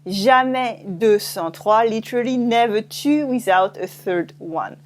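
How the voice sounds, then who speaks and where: A woman with a French accent teaching pronunciation in a language lesson, saying words slowly and repeating them with care. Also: on the high side. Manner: slow, careful pronunciation drills, repeating each word.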